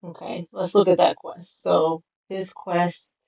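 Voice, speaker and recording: A woman's voice: lowish voice, little pitch movement, takes it slowly, gravelly, dark tone, breathy edge, low-quality recording. A woman streaming a game, explaining quests in casual, rambling commentary. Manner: rambling, with many fillers.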